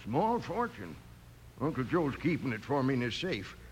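An actor playing an old gold prospector in a radio western, talking in a folksy drawl. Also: male voice, medium pitch, very animated, moderate pace, slight background noise, natural voice. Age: older. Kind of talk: 1950s radio drama acting.

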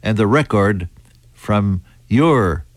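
An American man preaching a Bible teaching in a deliberate, halting way, with fillers and restarts. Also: on the low side, lively intonation, no echo. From United States.

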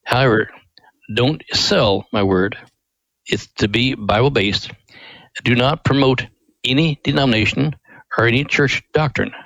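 A man giving voice to a calm commanding God. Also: mid-range voice, a little slow, creaky, pauses often, no room sound, poor audio. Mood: solemn.

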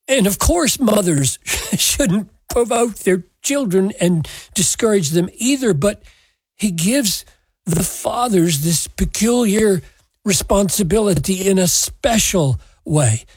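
Slow, husky-voiced male preacher. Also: sits high, expressive, no room sound, poor audio. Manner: measured, emphatic scripture exposition. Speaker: pastor. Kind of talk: sermon.

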